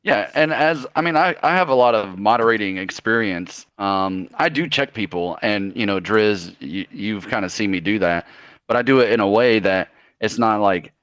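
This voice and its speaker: Southern US man, low-pitched, dry close sound, laid-back jokey moderator on a voice call. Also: moderate pace, fairly bright tone, smooth, no room sound. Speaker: Discord moderator. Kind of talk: casual voice chat. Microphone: online voice call.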